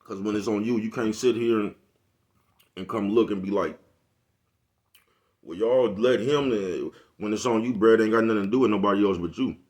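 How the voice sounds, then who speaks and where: A man with a low, deep voice talks quickly and loosely straight to his audience. His street slang is laced with profanity. He keeps circling back to ask if you're following him. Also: fairly even intonation, a little mellow. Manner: repeats "you know what I'm talking about". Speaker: vlogger. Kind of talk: casual monologue to camera.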